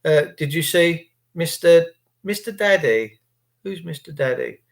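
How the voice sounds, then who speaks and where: A man's voice: on the high side, expressive, measured pace, gravelly. An English man hosting a livestream, reading out chat comments in a crude, jokey, rambling way. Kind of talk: rambling casual monologue.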